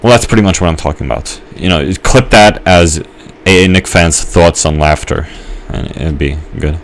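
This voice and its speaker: A man's voice: low voice, normal speed. A young man giving a rambling let's-play commentary, musing and hesitant with many fillers and restarts. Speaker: gamer.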